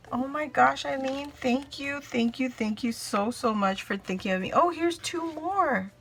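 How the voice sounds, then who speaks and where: Slow-talking, gushing woman vlogger. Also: mid-range voice, fairly bright tone. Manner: gushing, exclaims often. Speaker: crafting vlogger. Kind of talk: casual unboxing chat.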